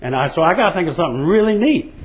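A man's voice: on the high side, big pitch swings, racing, muffled recording. A man retelling a Bible story and voicing a vain prime minister who eagerly plans his own honor.

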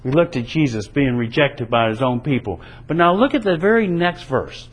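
Husky-voiced man preaching with lively emphasis. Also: medium pitch, normal speed, poor audio. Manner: earnest, emphatic preaching with rising and falling delivery. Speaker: pastor. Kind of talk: sermon.

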